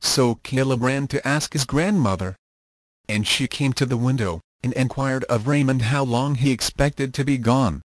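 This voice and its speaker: Male narrator for an old children's story, mid-pitched, measured reading, dry close sound. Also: dry recording.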